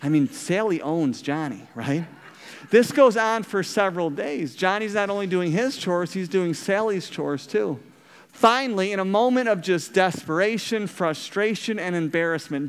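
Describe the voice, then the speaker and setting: Smooth-voiced pastor in an echoing hall. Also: male voice, high-pitched, lively intonation, measured pace. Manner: storytelling, asks the congregation questions. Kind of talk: sermon.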